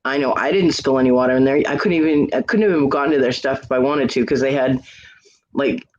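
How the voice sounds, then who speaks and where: Chatting casually with friends, a streamer tells a long, rambling story at a fast clip in a medium-pitched voice. He swears freely and quotes the people involved, all through a muffled lo-fi mic with a faint hiss.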